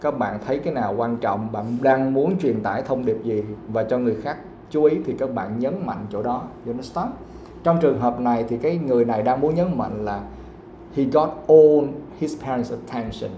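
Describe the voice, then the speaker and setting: A man with a Vietnamese accent teaches an English class, repeating and rephrasing his points. His voice is warm and dark. It sounds like an echoey room. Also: medium pitch, quick pace, slight background noise. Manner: explains patiently, repeats himself, switches into Vietnamese to clarify. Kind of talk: live classroom lesson.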